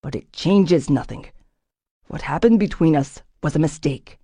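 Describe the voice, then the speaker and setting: A woman voicing a guarded, intense man who speaks in low, clipped, urgent tones and often drops to a hush, in an audiobook. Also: moderate pace, breathy edge, no echo. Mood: cold. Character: guarded intense man, cold then desperate.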